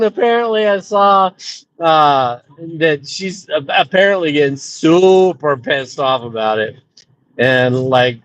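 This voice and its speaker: A man's voice: on the high side, fairly bright tone, no echo, poor audio. A man chatting casually while driving on a road trip, rambling with profane, chuckling asides. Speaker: vlogger. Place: inside a car on a road trip.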